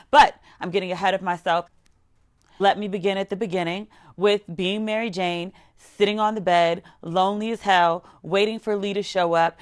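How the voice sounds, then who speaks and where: Female vlogger, mid-pitched, casual comedic TV recap, sassy and blunt. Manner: sassy, blunt, animated with mock quotes.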